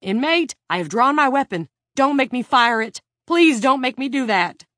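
Stern female prison guard shouting commands, loud and raised, read by a low-voiced woman narrator. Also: lively intonation, moderate pace, dry recording, clean studio sound. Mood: tense. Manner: barking orders.

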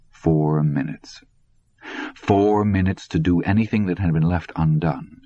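A man narrating an audiobook in a husky voice. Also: sits low, a little mellow. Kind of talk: scripted narration. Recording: dull, lo-fi recording.

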